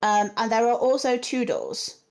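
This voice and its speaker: A woman narrating as game master on a video call, slow and hesitant with many pauses and ums. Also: fairly high pitch, wildly swooping pitch, creaky. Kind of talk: narrating a tabletop game online.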